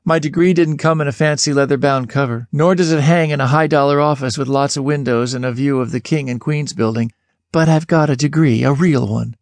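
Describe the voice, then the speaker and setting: Expressive male audiobook narrator, dry sound. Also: brisk, no room sound. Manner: expressive, lifts pitch sharply on questions. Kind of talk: scripted first-person narration.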